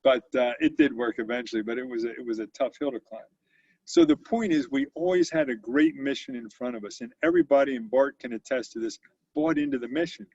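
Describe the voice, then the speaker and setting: Gravelly-voiced man in his sixties. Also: mid-range voice, lively intonation, brisk, a little mellow, no room sound. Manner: anecdotal, conversational, with frequent fillers and restarts. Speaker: company CEO, interview guest. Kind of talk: storytelling in an interview. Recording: dull lo-fi audio.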